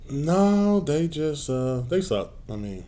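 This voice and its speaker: A man co-hosts a casual sports talk show, speaking in a mellow, dark voice with a lively swing in pitch. He is blunt and laughs at his own jabs. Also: takes it slowly. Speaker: co-host.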